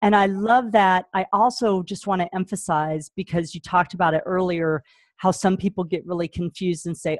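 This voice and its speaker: Woman host, parent coach, affirming and reflective; slightly low voice, dry close recording. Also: fairly quick, no echo. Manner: affirming, frequent mm-hmms, thoughtful restarts. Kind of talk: interview, reflecting back to guest.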